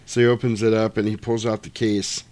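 A man's voice: fairly low pitch, level tone, fairly quick, very noisy. A man in casual chat, animatedly retelling a film scene and swearing freely.

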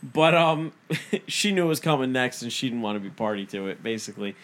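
Speaking a little fast at medium pitch, the co-host, a man in his thirties, swears his way through an animated anecdote. He performs the dialogue of both sides while chatting casually on the podcast.

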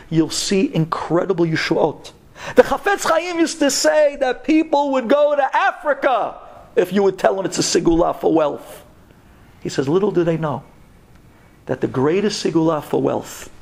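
A rabbi preaching an earnest, urging sermon to a women's audience. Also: male voice, mid-range voice, gravelly, a little mellow, slightly rough.

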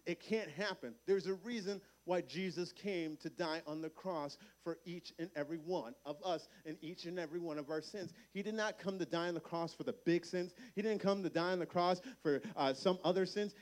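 A man preaching a lively youth sermon at a camp meeting, acting out voices in his stories. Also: high-pitched, normal speed. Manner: energetic preaching, acts out voices in quotes. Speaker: camp speaker.

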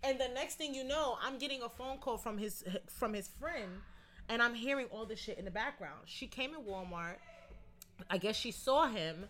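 Animated, profane woman telling a story. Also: moderate pace. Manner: animated storyteller, quotes others in lowered voice; profane, slangy. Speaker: podcast co-host. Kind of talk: casual chat.

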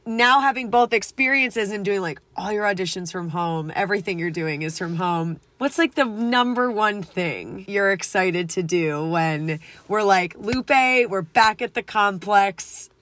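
A woman's voice: medium pitch, measured pace, few pauses, fairly bright tone, no echo. An enthusiastic woman hosts a podcast conversation, laughing often and heaping praise on her guest. Her voice sits close and dry, with no room around it. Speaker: podcast host. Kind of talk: casual interview chat.

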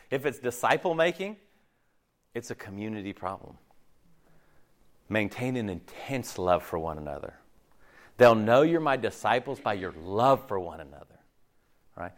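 A man preaching a sermon, animated, acting out quoted voices and often checking in with "okay?". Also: lowish voice. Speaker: pastor. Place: church.

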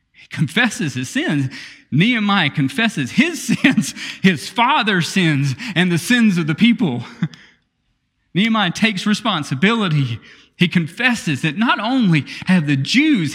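A man preaching a sermon, reading scripture with laughter and quiet asides. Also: sits high, long reverb tail. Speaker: pastor.

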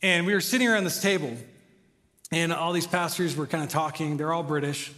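Brisk and pushed, with a bright, slightly high tone, a young American man delivers a sermon. He chats easily at first, then rises into passionate emphasis while a long hall reverb trails his words.

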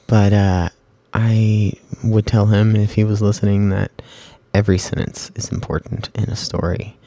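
Deep gravelly man, rambling writing talk. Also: level tone, moderate pace, warm tone, no room sound. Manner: rambling, self-correcting, with many fillers. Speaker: amateur fiction writer. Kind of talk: casual spoken writing lesson.

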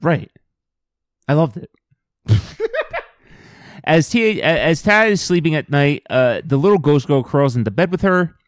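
A man's voice: a little high, expressive, a little slow, long pauses, no echo, clean studio sound. A man co-hosting a casual movie-review podcast, recapping the plot with wry jokes. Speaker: podcast co-host.

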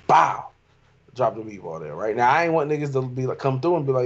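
A young man telling a long, animated story in casual chat with friends. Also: mid-range voice, fairly quick. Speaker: podcast co-host. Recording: dull lo-fi sound.

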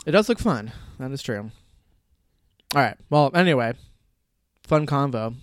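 A man's voice: medium pitch, expressive, unhurried, clean tone. A man hosting a podcast, chatting casually and joking around with friends. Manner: laid-back, joking, laughs often. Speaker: podcast host. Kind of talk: casual chat.

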